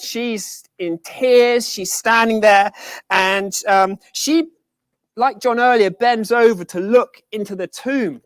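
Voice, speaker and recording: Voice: medium pitch, no echo. A preacher giving a conversational sermon, earnest and emphatic, often repeating key phrases.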